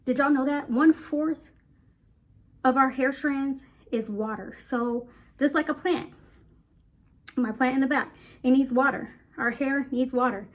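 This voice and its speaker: A young woman talking fast and a little out of breath, chatting casually to her viewers about hair care. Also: high voice. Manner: chatty, rambling, talks fast, addresses viewers as y'all. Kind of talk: casual chat to camera.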